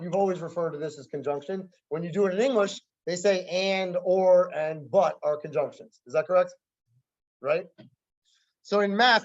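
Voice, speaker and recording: A male math teacher lecturing a class in a casual, conversational way, often checking whether students follow. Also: sits high. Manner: conversational, keeps checking understanding, wry asides. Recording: dull lo-fi classroom recording.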